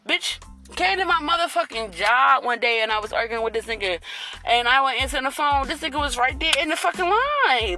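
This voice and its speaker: A woman in her late thirties telling a storytime rant to her viewers, blunt, profane and animated. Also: a little high, fairly quick, creaky, faint music behind. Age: late 30s. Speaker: vlogger.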